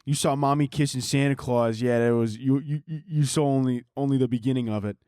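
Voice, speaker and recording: Crude Brooklyn-accented Santa, done by a man: foul-mouthed, boastful, medium pitch, close dry sound. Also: fairly even intonation, fairly quick, mellow, clear, resonant tone, dry recording, close to an everyday voice. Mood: crude bragging. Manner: brash, profane, boastful.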